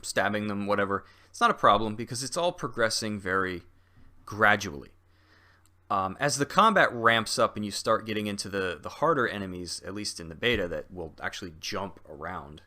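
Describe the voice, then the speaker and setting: A man's voice: on the low side, bright, forceful tone. A young man talking through a video game in a casual review, rambling with lots of ums and restarts and a jokey streak. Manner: chatty and jokey.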